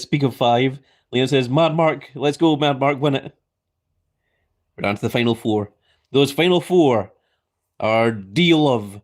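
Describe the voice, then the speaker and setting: A man hosting a livestream, calling a giveaway in a playful wrestling-announcer manner and reading chat messages aloud. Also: medium pitch. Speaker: livestream host.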